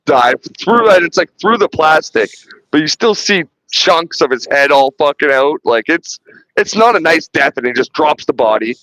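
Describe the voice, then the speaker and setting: A man's voice: on the high side, lively intonation, moderate pace, fairly bright tone, no room sound, rough recording. Rambling casual man, dry close sound. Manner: rambling, many restarts and swearing, laughing retelling. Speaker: podcast host reviewing a film. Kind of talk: casual chat.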